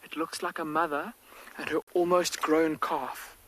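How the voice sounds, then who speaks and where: A man working as a field guide, giving hushed, excited live wildlife commentary outdoors from a safari vehicle, with the mic close to his face. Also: a little high, measured pace, a little hiss or hum, poor audio. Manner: hushed, near-whispered, excited.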